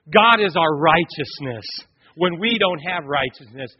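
A middle-aged man preaches in a high, husky voice. He swings between loud declarations and hushed, near-whispered lines. The sound is dull and lo-fi, with a long church reverb trailing each phrase. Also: measured pace. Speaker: pastor. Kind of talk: sermon.

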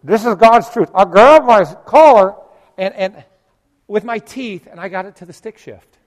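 A middle-aged male pastor telling a humorous story in a sermon, jumping from loud exclamations to quiet asides. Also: sits high, moderate pace, in a large hall.

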